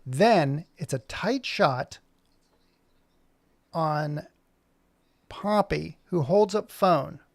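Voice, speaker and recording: Gravelly man rambling on a live stream. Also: fairly high pitch, drawn-out words, pauses often, no echo. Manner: rambling, thinking aloud while fumbling with software; jokey and self-mocking. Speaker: animator streaming his work. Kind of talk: casual live-stream chat.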